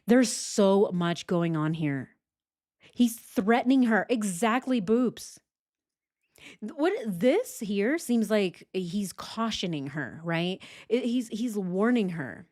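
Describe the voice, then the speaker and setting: A woman commenting on interview transcripts as a true crime host, animated and sarcastic, swearing often. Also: medium pitch, takes it slowly.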